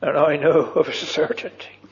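A man preaching a solemn old-fashioned sermon in a church, slow and earnest, dropping at times to a hushed whisper. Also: a little high, steady tone, vocal fry. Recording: muffled old church recording with long reverb.

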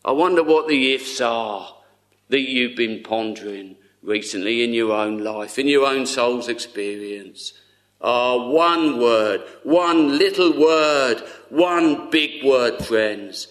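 A man delivering a sermon at an unhurried, drawn-out pace. His voice sits at an ordinary middle pitch, earnest and tender, and often falls to a soft hush. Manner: earnest, tender, slow with long pauses, often dropping to a hush. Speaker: preacher.

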